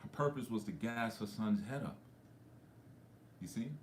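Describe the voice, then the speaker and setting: A low-pitched man tells stories to his livestream viewers. He speaks conversationally and keeps dropping in frequent asides. His voice echoes around a roomy space, with faint ambience underneath. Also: unhurried, a little hiss or hum. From New York. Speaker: spiritual coach. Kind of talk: livestream talk.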